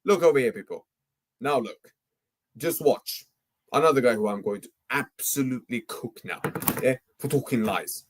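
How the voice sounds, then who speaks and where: Medium-pitched and speaking at normal speed, this young football livestream host goes on a heated rant. Nearly every phrase ends with "yeah?" or "mate."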